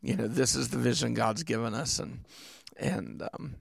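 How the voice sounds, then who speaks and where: Relaxed male pastor co-host, deeply gravelly and still sleepy, casual and self-deprecating. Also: normal speed, no room sound, studio quality. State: sleepy morning voice. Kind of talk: casual Christian radio talk.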